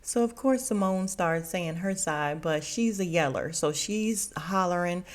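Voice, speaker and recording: A woman's voice: fairly low pitch, unhurried. A woman hosting a podcast, casually recapping a TV reunion, chatty and laughing often. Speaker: podcast host.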